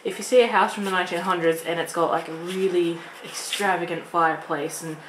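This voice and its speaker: A woman's voice: on the low side, fairly even intonation, brisk. Young Australian woman, casual vlog chatter, meandering and giggly; roomy, slightly noisy recording. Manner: rambling, laughs often, restarts sentences. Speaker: vlogger. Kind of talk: casual chat. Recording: echoey room with faint noise.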